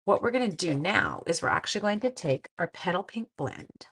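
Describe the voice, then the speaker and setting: A middle-aged woman talks casually through a crafting demo at her desk. Her voice sits low with a gravelly fry. She jokes about herself and drifts into quiet mutters as she concentrates. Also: big pitch swings, brisk. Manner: chatty, self-deprecating, drops to quiet mutters while working. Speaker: craft livestream host.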